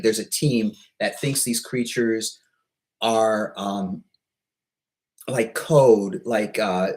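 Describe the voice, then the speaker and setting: Hesitant rambling man, halting vlog talk. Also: mid-range voice, a little mellow, low-quality recording. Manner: hesitant, halting, full of ums and restarts; rambling and self-deprecating. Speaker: YouTuber. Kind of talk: casual vlog monologue.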